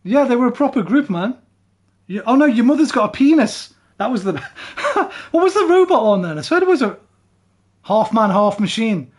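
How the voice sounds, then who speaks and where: Lively, swearing male game streamer. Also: very high-pitched, fairly quick. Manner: chatty, hums and sings snippets, swears freely. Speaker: streamer playing a survival game. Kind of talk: casual chat over music videos.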